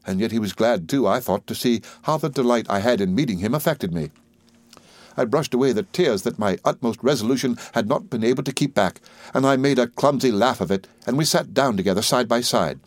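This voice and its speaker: Guy reading an audiobook, lowish voice, steady, dry close mic. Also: brisk, no room sound. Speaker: audiobook reader. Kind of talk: scripted audiobook narration.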